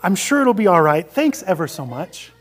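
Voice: medium pitch, very animated, moderate pace, breathy edge. A preacher voicing a frightened, dithering male ghost who stammers and protests. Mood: panicked.

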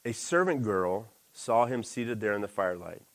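A man preaching a sermon in a lively, animated way, jumping into character voices for quoted lines. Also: normal speed. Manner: animated, acts out quoted lines with big pitch jumps.

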